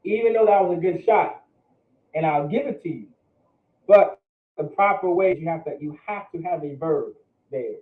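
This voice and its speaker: A man teaching a vocabulary class, his voice a little high for a man. He talks loosely and conversationally, repeats words for his students and asks them questions. The sound is roomy and thin, like a phone line. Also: animated, normal speed, pauses often. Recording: echoey room over phone-like line.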